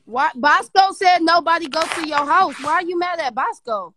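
A woman's voice: very high-pitched, moderate pace, noisy background. A woman on a live stream insistently questioning a man during an argument.

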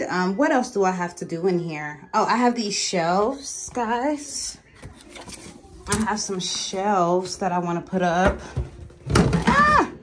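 A woman's voice: lowish voice, slight background noise. A young woman vlogging casually from her bathroom at home, filming on a phone and chatting to viewers as "y'all".

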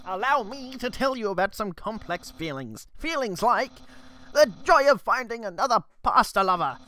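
A man voicing a loud, goofy, boastful young skeleton in a video game, making big self-important proclamations. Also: sits high, big pitch swings, normal speed, voice pushed up, full character voice. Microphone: headset.

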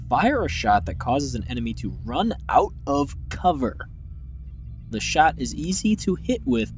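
A man hosting a video game playthrough, talking casually in a goofy, rambling way with mock-grand announcements. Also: medium pitch. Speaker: let's play host. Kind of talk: casual gameplay commentary.

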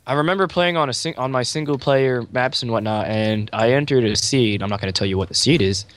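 A man's voice: medium pitch, brisk, a bit bright, dry recording. A rambling, joking man chatting over gameplay. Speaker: gamer. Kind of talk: casual gameplay chat.

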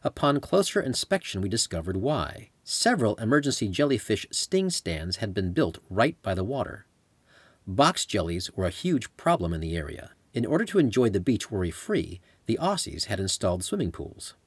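A man reads his travel memoir aloud in a conversational storytelling way. His voice is low and a little husky, with lively rises and falls. The recording is dry and close. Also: normal speed, dry recording. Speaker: author and narrator. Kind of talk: audiobook memoir narration.

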